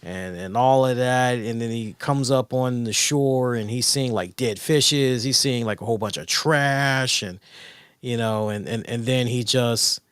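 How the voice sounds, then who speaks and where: Excitable rambling man, dry close sound. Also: mid-range voice, unhurried, clear, resonant tone, no echo. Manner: rambling, excitable, profane storytelling. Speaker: podcast co-host. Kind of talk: casual chat.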